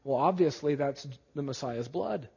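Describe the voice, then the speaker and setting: A man's voice: a little high, normal speed, vocal fry, darkish tone, husky. A pastor preaching a sermon in an earnest, emphatic way and often putting questions to his listeners. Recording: dull lo-fi audio with long hall reverb.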